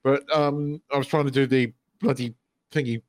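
A man's voice: mid-range voice, steady tone, moderate pace, no echo. A man co-hosting a podcast, chatting casually and rambling with lots of restarts and swearing. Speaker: podcast co-host. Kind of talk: casual chat.

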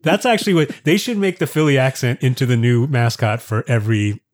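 A man as a guest in a casual chat, relaxed, with dry humor. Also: medium pitch, brisk.

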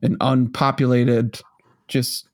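A man's voice: mid-range voice, little pitch movement, takes it slowly, darkish tone. A man in casual chat, rambling and self-mocking, with lots of fillers and swearing.

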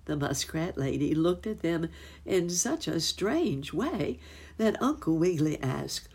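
A woman reading a children's storybook aloud at an unhurried, expressive pace. Her voice sits low, with a gravelly, husky texture and lively swings in pitch. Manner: slow, expressive.

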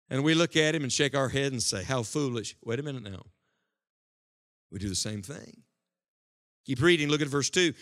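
A man preaching a sermon to a congregation, swinging between loud, forceful lines and hushed ones. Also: high-pitched, animated, moderate pace. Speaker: evangelist. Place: church hall before a congregation.

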